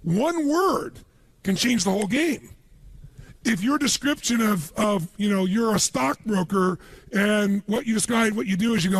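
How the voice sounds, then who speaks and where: A man giving a motivational seminar talk, telling stories to an audience in an animated way and acting out the people he quotes. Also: sits high, measured pace, no echo. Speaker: motivational speaker.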